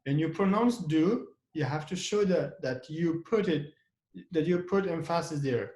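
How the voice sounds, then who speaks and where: A man's voice: a little high, unhurried, darkish tone. Man teaching grammar in an echoey room. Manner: asks and answers his own questions, repeats example sentences with stress. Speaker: English teacher. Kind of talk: classroom grammar lesson.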